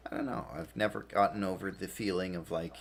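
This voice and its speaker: Tired, rambling man with a low voice. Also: steady tone, brisk. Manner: rambling, self-deprecating, laughs often. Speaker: game streamer. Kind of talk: casual gaming stream chat.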